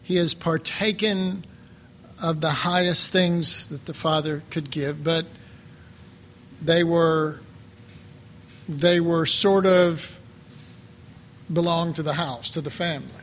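A man preaching a sermon slowly and reflectively, pausing often and restarting his phrases. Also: fairly high pitch, steady tone, fairly bright tone, a little hiss or hum. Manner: slow, halting, reflective, with many pauses and fillers.

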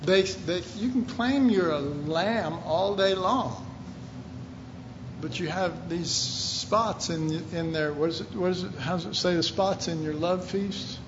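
A man preaching a sermon, reading scripture aloud and pressing his points with emphatic, sometimes shouted questions. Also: high voice, unhurried, highs cut off, noisy background. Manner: reads scripture aloud in King James wording.

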